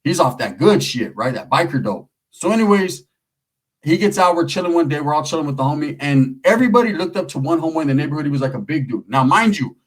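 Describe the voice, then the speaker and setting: A middle-aged man from California spins a story in loose, profane street slang. His voice sits fairly high for a man and has a husky, rough edge. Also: animated, fast talker, poor audio. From Merced area, California. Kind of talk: casual storytelling.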